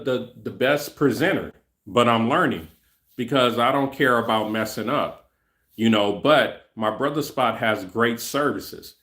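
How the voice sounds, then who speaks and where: A man's voice: on the low side, fairly bright tone. A middle-aged man hosting his own channel, talking casually and rambling straight to his viewers, often repeating himself. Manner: rambling, repeats himself, speaks to chat directly. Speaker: channel host. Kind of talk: casual livestream talk to viewers.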